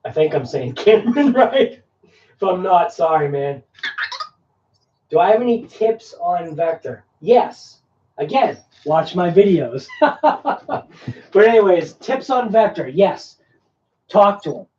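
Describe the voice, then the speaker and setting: A man rambling through a casual live stream, jokey and quick to laugh. His voice sits at a middling pitch and sounds distant and dull. The room is echoey, with faint noise behind him. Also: big pitch swings, darkish tone. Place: room at home.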